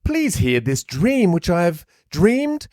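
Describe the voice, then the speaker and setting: A man's voice: high voice, wildly swooping pitch, takes it slowly, darkish tone, no room sound, voice pushed up, full character voice. Man putting on a posh teen boy, preening and smug, voice pushed well up, dry. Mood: boastful. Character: posh, smug teenage boy boasting of his dreams.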